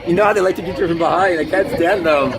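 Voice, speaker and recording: A man's voice: high-pitched, quick pace. A man filming a storm on a handheld camera, making crude jokes as he rambles. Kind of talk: casual on-camera chat. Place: outdoors then a basement. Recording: noisy outdoor phone video, wind.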